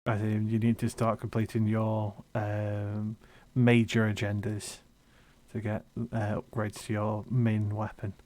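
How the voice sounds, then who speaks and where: A man's voice: on the low side, monotone, a little slow, a little mellow. Man narrating a tabletop game. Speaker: game master. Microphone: headset or desk mic on a voice call.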